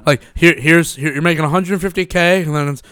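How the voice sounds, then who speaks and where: A man's voice: fairly high pitch, steady tone, a little fast, fairly bright tone, clean tone, dry recording, clean studio sound. A young man with a Brooklyn accent in casual, profane banter, teasing his friends and laughing often. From Brooklyn, New York. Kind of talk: casual chat.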